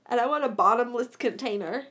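Young woman cohost, high voice, jokey and playful, laughs a ton. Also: a bit bright. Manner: playful, laughs a lot, quick jokes. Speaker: podcast co-host. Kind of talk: casual chat.

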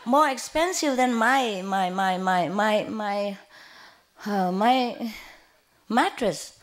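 Speaking slowly in an expressive, mid-range voice, a woman spiritual teacher gives a loose, conversational talk. She rambles, restarts and uses plenty of fillers while recounting personal experiences, with regular bursts of laughter.

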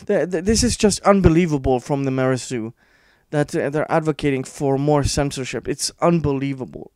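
A man's voice: on the high side, a little mellow, no room sound, clean studio sound. Exasperated sarcastic male commentator. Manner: frustrated, sarcastic, halting with many fillers. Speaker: online commentator. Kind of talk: reading and reacting to an article.

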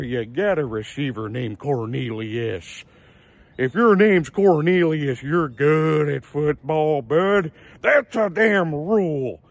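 An actor playing a rowdy, folksy middle-aged uncle, cussing and drawling in a comedic character monologue. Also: male voice, a little high, no room sound, exaggerated voice. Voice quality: gravelly, swearing, drawling.

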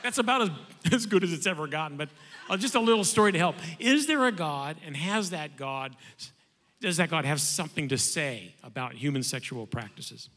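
A man on a church conference panel telling a lively anecdote, acting out the other voices. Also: a little high, normal speed. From Southern California. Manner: animated, acts out voices in anecdotes. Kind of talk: storytelling on a panel. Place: large church hall. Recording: long hall reverb.

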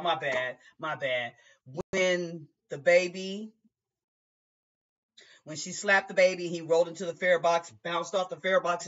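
A man, a bus driver, telling a personal story in an emotional, halting way with many restarts. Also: a little high, fairly bright tone. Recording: dull lo-fi sound.

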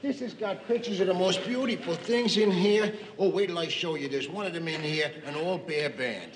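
An actor playing a pushy, exasperated middle-aged working-class husband. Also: male voice, high voice, moderate pace, background noise, close to an everyday voice. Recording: 1970s sitcom audio with studio audience laughter.

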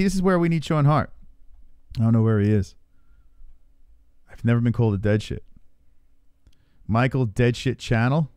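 A man's voice: medium pitch, darkish tone, clear, resonant tone, no room sound, clean studio sound. A man hosting a casual live fight reaction stream, reading viewer comments aloud and bantering. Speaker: livestream host.

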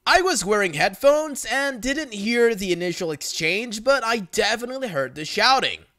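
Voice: mid-range voice, lively intonation, normal speed, fairly bright tone. A narrator reading online forum stories aloud in a plain storytelling manner.

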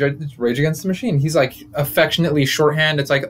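A man's voice: a little high, fairly even intonation, fast talker, hardly any pauses, fairly bright tone. A young man in his twenties, a comedian and podcast host, talking through a casual, joking monologue that wanders and interrupts itself. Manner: rambling, joking, self-interrupting.

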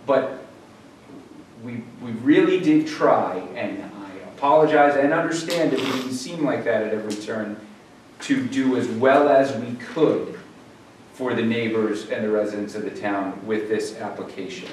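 A man on a zoning board speaking at a public hearing, measured and halting, with frequent restarts. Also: medium pitch. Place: town meeting room. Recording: echoey room from far off, faint hiss.

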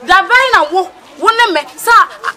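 A Ghanaian woman acting a fiery young woman who scolds her lover in a film drama, insistent and sharp. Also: very high-pitched, moderate pace, a faint crowd. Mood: scolding. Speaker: actor.

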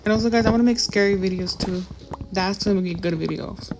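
A woman's voice: mid-range voice, fast talker, noisy background. A young female gaming host giving rambling, casual commentary on her gameplay and talking straight to her viewers. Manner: chatty, rambling, addresses viewers as guys.

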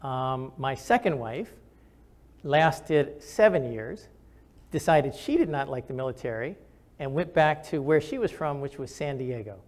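A man's voice: medium pitch, expressive, measured pace, a little mellow. An older man, a retired general and physician, answering audience questions with candid stories and frequent fillers.

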